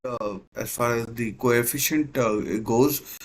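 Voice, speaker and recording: A man's voice: mid-range voice, slow pace, slight background noise, rough recording. A man hosting a live football watchalong, giving hesitant play-by-play with many fillers and restarts. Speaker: watchalong host. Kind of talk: live match commentary watchalong.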